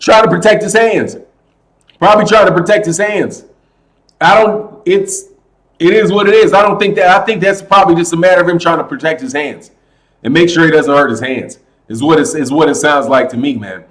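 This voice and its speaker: Loud animated man hosting a livestream. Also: fairly high pitch, a little fast. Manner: loud, animated, says "man" and "brother" a lot. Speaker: boxing channel host. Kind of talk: casual livestream chat. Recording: slight echo.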